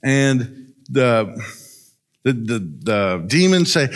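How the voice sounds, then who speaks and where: Animated storytelling male preacher. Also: on the high side, a little slow. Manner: storytelling, animated, rhetorical "right?". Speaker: pastor. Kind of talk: sermon.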